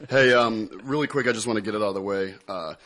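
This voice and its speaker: A man with a fairly low voice talks casually as a podcast host. He jokes around and laughs often, sounding excitable. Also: brisk. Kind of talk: casual chat.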